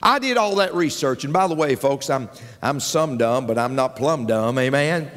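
A man's voice: mid-range voice, animated, moderate pace, a bit bright. A man preaching a sermon as pastor, telling folksy jokes and calling out for amens to his congregation. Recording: long hall reverb with faint music.

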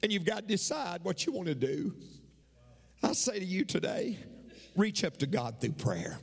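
A man preaching a sermon as pastor, swinging between hushed storytelling and near-shouted appeals. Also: high-pitched, wildly swooping pitch, moderate pace, creaky, husky. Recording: long hall reverb.

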